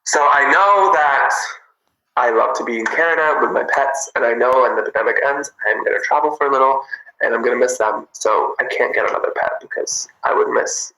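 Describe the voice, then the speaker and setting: A man chatting casually with viewers on a livestream, bubbly and giggly, in an animated way. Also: mid-range voice, fairly quick, echoey room, poor audio. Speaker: livestream host.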